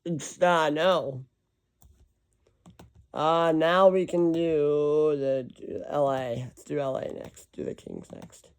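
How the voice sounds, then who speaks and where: A man with a fairly high voice thinks aloud in a loose, rambling way, reeling off lists and stopping now and then to correct himself. It sounds like a casual, unscripted chat to viewers. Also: steady tone, slow, clear, resonant tone. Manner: rambling, self-correcting, reading off lists of teams. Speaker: hockey vlogger.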